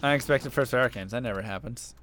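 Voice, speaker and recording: A young man with a medium-pitched, fairly bright voice streams a game, talking quickly as he chats casually. He tells an earnest story and muses aloud between remarks about the play.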